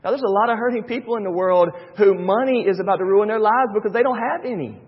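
A man preaches from the pulpit in a high, husky voice, dropping low and hushed before building to loud, excited runs. His sermon carries a long church reverb and a dull, muffled sound. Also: fast. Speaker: pastor. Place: church sanctuary.

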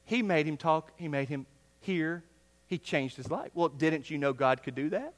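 A male pastor preaching a sermon, earnest, swinging from loud emphasis down to hushed, near-whispered lines. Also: fairly high pitch, lively intonation, normal speed. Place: church sanctuary. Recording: long reverb of a church hall.

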